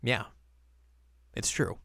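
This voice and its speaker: A man's voice: very slow, bright, forceful tone, no echo, studio quality. A young man hosting a podcast, casually recapping an episode and acting out lines in silly voices. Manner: chatty, acts out quotes in silly voices. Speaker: podcast host.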